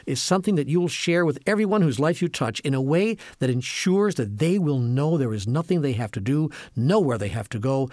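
A man giving an inspirational spiritual talk, earnest and measured, building up emphatic lists. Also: mid-range voice, darkish tone, husky, no room sound, clean studio sound. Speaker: spiritual speaker.

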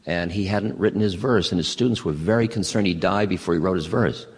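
Low-voiced man telling stories in a reverberant hall. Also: slightly rough. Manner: unhurried, anecdotal, halting restarts. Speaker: spiritual teacher. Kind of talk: spiritual talk with storytelling.

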